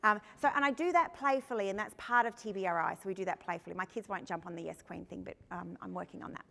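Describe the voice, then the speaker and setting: A woman's voice: medium pitch, fast talker, creaky, pushed and bright. An Australian woman who trains foster carers and is one herself, giving a workshop talk in a chatty storytelling way and asking the audience questions. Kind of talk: conference workshop presentation. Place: conference room. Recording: long hall reverb.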